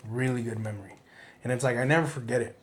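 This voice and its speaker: A man's voice: medium pitch, fast talker, slight background noise. Man co-host chiming in casually. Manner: chiming in, wraps up the show. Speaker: podcast co-host. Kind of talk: casual chat.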